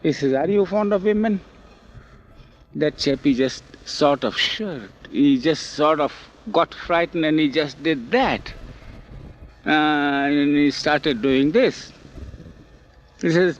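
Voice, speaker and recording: An older man telling memories in an oral history interview, animated and acting out the quoted speech, recorded outdoors on old film. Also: fairly high pitch, slow pace. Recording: dull lo-fi 1970s film audio.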